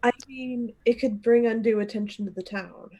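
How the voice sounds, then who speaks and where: A woman chats casually during a tabletop game. She argues her point earnestly and often starts with "I mean". Her voice sits a little high. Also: fairly even intonation, normal speed, mellow, husky. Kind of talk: casual chat.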